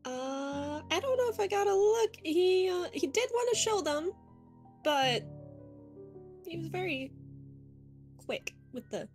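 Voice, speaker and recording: A woman's voice: very high voice, lively intonation, slow, pauses often, a little mellow, faint music behind. A woman playing a tabletop role-playing game, chatty and giggly, describing what her character does. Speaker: player.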